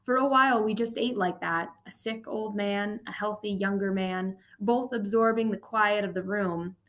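A woman reading a first-person memoir aloud as an audiobook narrator, steady and even. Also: mid-range voice, normal speed.

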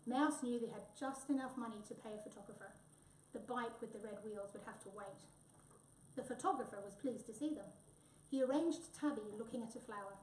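A woman's voice: a little high, fairly quick, slight background noise. Woman reading a storybook aloud. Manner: expressive, lively reading. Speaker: reader. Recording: echoey room, voice from far off.

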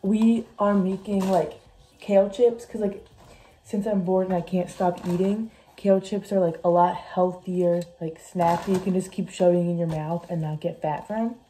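A woman's voice: lowish voice, steady tone, normal speed, mellow, rough recording. Chatty young woman vlogging in her kitchen. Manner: scattered, chatty, lots of "like". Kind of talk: casual cooking vlog. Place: home kitchen. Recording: music playing underneath. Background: background music.

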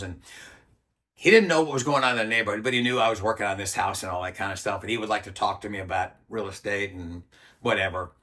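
A man's voice: on the low side, bright, forceful tone. A man in his sixties, a former soldier and interview guest, telling a story bluntly with plenty of swearing and acted-out quotes. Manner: blunt, profane storytelling that acts out quoted voices.

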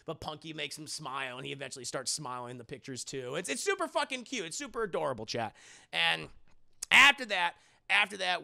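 A man's voice: a little high, gravelly. A man casually recapping a TV episode for his stream chat, rambling and swearing as he goes. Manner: rambling, profane, animated.

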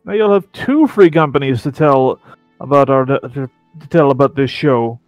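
A man's voice: mid-range voice, normal speed, no echo. A man giving casual, rambling game commentary with playfully sarcastic asides, with faint music behind. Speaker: let's play commentator.

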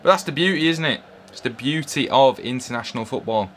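An English man chatting casually while playing a football video game, yelling player names and cracking jokes. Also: mid-range voice, brisk, a little hiss or hum. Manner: excitable, yells player names, chatty banter. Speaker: gaming video host.

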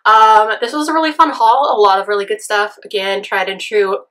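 A hoarse woman with a raspy voice, gushing through a casual try-on haul vlog. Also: medium pitch, fairly even intonation, moderate pace, a bit bright. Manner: gushing, effusive. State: hoarse from a cold. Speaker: fashion vlogger.

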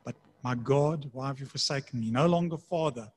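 Pastor guy preaching, kinda husky, reads the verses slow. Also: medium pitch. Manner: conversational preaching, slowing for scripture readings. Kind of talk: sermon.

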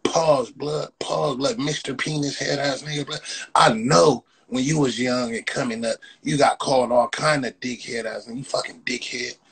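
A man hosting a phone livestream, loudly roasting and mocking his viewers with profane banter, tagging "blood" onto nearly every phrase. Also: mid-range voice, fairly even intonation, moderate pace, vocal fry, slightly rough, poor audio. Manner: loud, mocking, repeats "blood" constantly. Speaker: livestream host. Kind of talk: profane Instagram live roast.

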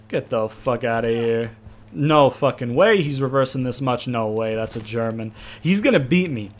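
A young man giving casual, profane let's-play commentary, trash-talking and excitable as he plays a wrestling game. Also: medium pitch, normal speed. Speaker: gaming commentator.

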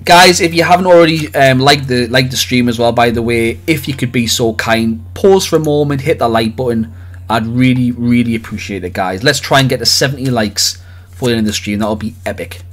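A man hosting a live card-opening stream, chatting excitedly with viewers and calling out their names. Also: mid-range voice. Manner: excitable, jokey, rapid swings between loud cheers and quiet mutters. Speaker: livestream host opening trading cards.

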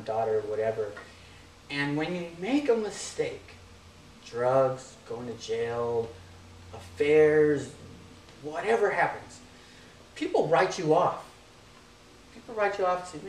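A man's voice: mid-range voice, slight background noise. Pastor, male, easygoing conversational sermon delivery, joking asides, roomy hall sound, mic at a distance. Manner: casual, conversational preaching with jokes and asides.

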